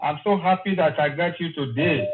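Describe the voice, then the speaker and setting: A man's voice: on the high side, moderate pace. A man calling in, effusive and emotional, repeating his praise. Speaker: caller. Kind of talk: phone-in call. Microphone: phone. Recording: tinny phone line.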